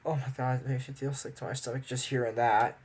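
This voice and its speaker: Young man, casual cartoon commentary, rambling, apologetic, mid-pitched voice. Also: level tone, fast talker, darkish tone, husky. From Amarillo, Texas. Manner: chatty, rambling, apologetic asides. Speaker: cartoon reviewer.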